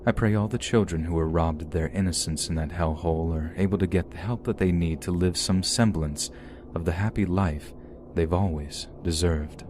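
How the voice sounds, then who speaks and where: A man reading a first-person true horror story aloud as a podcast narrator, in a steady, measured manner. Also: low voice, noisy background.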